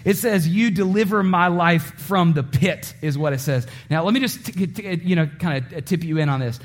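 A high-pitched man in his thirties preaching to his congregation. He delivers the sermon with lively energy, turns often to address the listeners directly, and acts out the voices in his stories. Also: normal speed. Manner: animated preaching, acts out voices and story scenes. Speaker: pastor.

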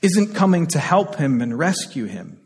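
An impassioned pastor delivers a sermon in a reverberant church sanctuary, his slightly high voice making big pitch swings at a normal speed. He repeats phrases and alternates between loud passages and hushed ones.

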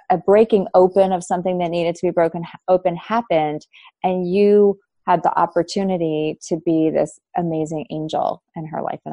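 A woman's voice: fairly low pitch, mellow, dry recording. Affirming woman host, dry close sound. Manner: reflective, affirming, enthusiastic. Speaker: podcast host. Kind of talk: conversational interview.

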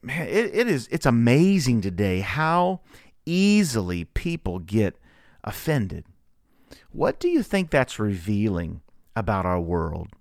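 A man reading scripture and giving a devotional sermon, earnest and full of rhetorical questions, his pitch rising sharply for emphasis. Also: no room sound, studio quality. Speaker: preacher.

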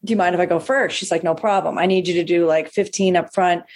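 A woman comedian telling a long profane anecdote, animated and acting out the people she quotes. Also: fairly low pitch, quick pace. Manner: animated, acts out quoted voices, swears freely. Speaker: stand-up comedian.

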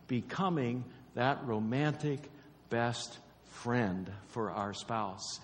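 A man's voice: medium pitch, slight background noise. Man preaching in a reverberant hall. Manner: conversational, repeats key phrases, quizzes the congregation. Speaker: pastor. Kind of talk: sermon.

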